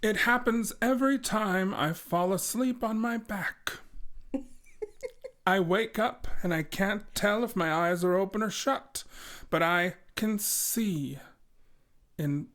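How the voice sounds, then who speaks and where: A woman's voice: mid-range voice, slow, fairly bright tone. A woman co-hosting a podcast, reading listener stories aloud in casual chat with dry, joking asides. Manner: dry, joking asides between read passages. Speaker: podcast co-host.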